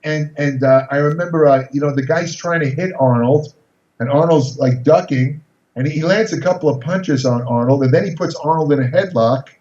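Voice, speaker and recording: Older man, animated storyteller, repeats words, fairly high voice, roomy sound. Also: normal speed. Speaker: guest storyteller. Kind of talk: casual interview anecdote. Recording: echoey, slightly dull recording.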